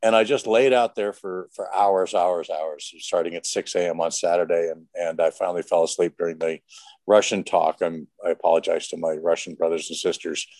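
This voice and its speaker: Very deep-voiced man sharing on a call. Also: fairly even intonation, a little fast, darkish tone, no room sound. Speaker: meeting participant sharing. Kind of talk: casual meeting share. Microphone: video call.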